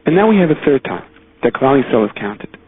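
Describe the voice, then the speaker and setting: A man's voice: mid-range voice, sing-song, fast talker. A man giving an earnest, emphatic sermon, weaving Hebrew and Yiddish terms into his teaching. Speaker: rabbi giving a Torah talk. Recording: tinny phone-like line.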